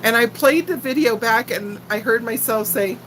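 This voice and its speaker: A woman's voice: a little high, normal speed, a bit bright, slight background noise, poor audio. Giggly older woman with a faint Texan accent. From Texas. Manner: chatty, giggly, talks straight to viewers. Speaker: livestream host chatting with viewers. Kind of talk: casual live chat.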